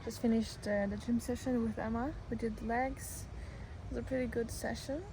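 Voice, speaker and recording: A woman's voice: on the high side, normal speed. Chatty young woman vlogging outdoors. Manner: chatty, relaxed, talks while walking and moving. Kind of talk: casual vlog narration. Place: outdoors in the sun. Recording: outdoor noise behind.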